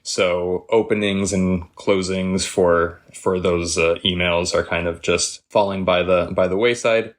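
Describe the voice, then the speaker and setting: Deep-voiced American man, relaxed. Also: a little slow, few pauses. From United States. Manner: relaxed, hesitant, many fillers and laughs. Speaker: podcast guest. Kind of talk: casual chat.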